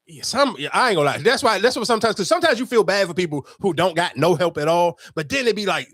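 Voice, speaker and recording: A young adult man hosting a podcast, telling a story in animated, profane casual chat with sudden outbursts. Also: sits high, fast talker, no room sound, studio quality. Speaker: podcast host.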